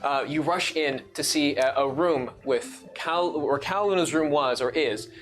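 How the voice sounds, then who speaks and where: A man's voice: on the high side, a little slow, a bit bright. A man running a tabletop game as dungeon master, talking casually with lots of fillers and restarts.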